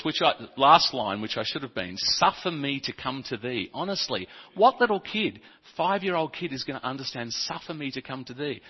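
A man preaching a sermon, telling funny childhood stories with some stumbles and speaking softly in the reflective passages. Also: medium pitch, slightly rough. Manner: humorous, animated storytelling with stumbles. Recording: dull, reverberant hall recording.

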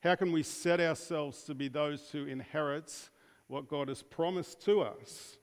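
An Australian preacher with a somewhat high voice delivers a loose, conversational sermon. He restarts often and keeps asking the congregation questions. His voice rings with the long reverb of a church hall. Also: a little slow.

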